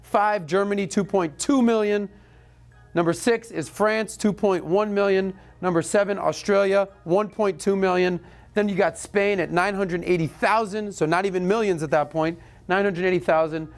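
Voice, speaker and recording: A man's voice: high voice, fairly even intonation, moderate pace, soft background music. Breezy man hosting a money podcast. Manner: breezy, joking asides. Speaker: podcast host. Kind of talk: casual rapid-fire rundown.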